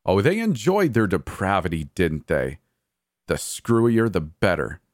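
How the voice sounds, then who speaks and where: A man's voice: low-pitched, very animated, unhurried, no echo, studio quality. A man voicing a sneering, murderous brother. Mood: taunting. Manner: taunting, sneering, coldly cheerful. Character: mocking murderous adult brother, cold and gleeful. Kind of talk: horror story dialogue.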